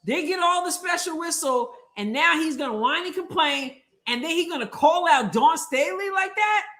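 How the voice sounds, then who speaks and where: Animated woman reacting to a live game. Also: very high voice, moderate pace. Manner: animated, indignant commentary while reading chat. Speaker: show host. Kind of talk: live-stream sports reaction and chat.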